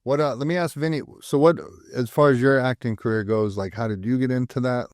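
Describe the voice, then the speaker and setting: A man's voice: mid-range voice, fairly even intonation, brisk, darkish tone, no echo, studio quality. Easygoing male podcast host. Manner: asks questions, easygoing. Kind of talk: podcast interview.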